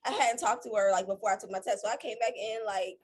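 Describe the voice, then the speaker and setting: A woman's voice: mid-range voice, fairly even intonation, fast talker. A woman co-hosting a casual storytime chat, rambling and interrupting herself as she tells her side. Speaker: co-host.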